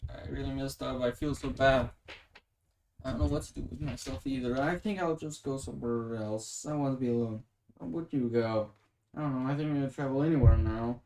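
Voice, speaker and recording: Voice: medium pitch, a little fast, darkish tone, pitched below the performer's own voice, lightly acted. A reader voicing a grieving, frightened young female sprite, speaking in a sorrowful, pleading way close to tears. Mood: despairing. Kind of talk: dramatic reading of a webcomic. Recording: roomy echoing room.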